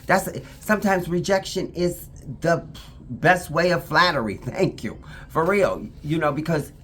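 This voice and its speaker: A woman's voice: low-pitched, expressive, a little slow, fairly bright tone, slight background noise. A woman talking casually to her camera, emphatic and repetitive, now and then breaking off to talk to her puppy. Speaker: vlogger.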